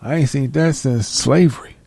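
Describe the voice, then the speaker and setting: A man's voice: medium pitch, moderate pace, vocal fry, mellow, breathy edge, no room sound. A man, delivering a heated, profane monologue full of blunt rhetorical questions. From United States.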